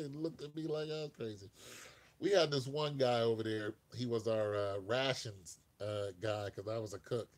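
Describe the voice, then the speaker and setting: Male live-stream host, casual and rambling, laughs a lot, voice of middling pitch. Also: normal speed.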